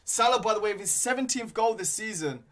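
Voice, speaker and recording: Young man, slangy live fan commentary, high voice, excitable. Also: fast talker. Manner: excitable, slangy, bursts into shouting at goals. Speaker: fan commentator streaming a watchalong.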